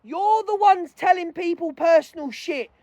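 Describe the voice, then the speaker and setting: A woman's voice: extremely high pitch, measured pace, dark tone, dry recording. A woman streaming live, furiously ranting with heavy swearing and calling out other creators. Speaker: livestreamer. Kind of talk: angry livestream rant.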